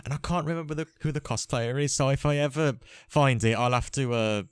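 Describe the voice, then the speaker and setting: A man's voice: mid-range voice, fairly quick, smooth, no echo. A man hosting a casual gaming podcast, chatting and rambling with restarts. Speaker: podcast host. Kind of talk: casual chat.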